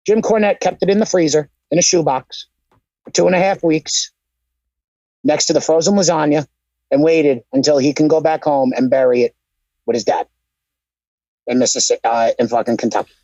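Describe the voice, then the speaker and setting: A man's voice: a little high, moderate pace, pauses often, darkish tone, no room sound. A man co-hosting a wrestling podcast in casual, profane banter, telling stories full of quoted voices. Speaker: podcast co-host. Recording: dry, dull lo-fi sound.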